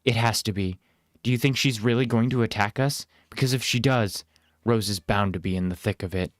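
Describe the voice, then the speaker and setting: A man's voice: fairly low pitch, fairly quick, no echo, natural voice. A man reading a storybook, voicing a sarcastic, dutiful young princess in a raised, dry tone. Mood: worried.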